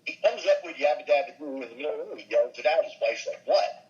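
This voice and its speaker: Older man, lively storytelling voice. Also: on the high side, quick pace, muffled recording, soft background music. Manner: animated, slips into character voices. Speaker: voice actor and comedian guest. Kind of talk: anecdotal interview storytelling.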